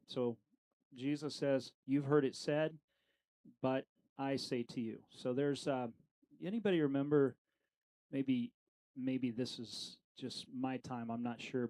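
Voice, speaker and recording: A man's voice: medium pitch, warm tone, rough recording. A middle-aged man leading a casual Bible study, talking conversationally with lots of fillers and questions to the group.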